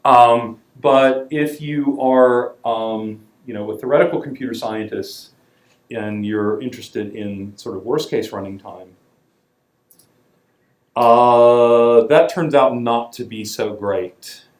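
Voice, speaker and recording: A man's voice: medium pitch, slow pace, distant mic. Man lecturing in an echoey hall. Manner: casual and wry, with frequent ums and stressed words. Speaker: university lecturer. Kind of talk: classroom lecture.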